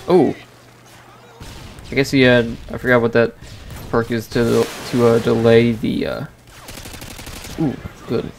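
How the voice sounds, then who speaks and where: A man's voice: medium pitch, creaky, a little mellow, a little hiss or hum. A man hosting a gaming channel, rambling casually while he plays and reacting to the match. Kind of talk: casual gameplay commentary. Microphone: desk microphone.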